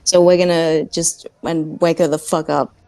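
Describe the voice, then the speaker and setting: A woman plays her turn in a tabletop game, her voice sitting a little low. She talks in a breezy, joking way and laughs often. The sound is dry and close. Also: level tone, normal speed, dark tone, dry recording. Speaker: player.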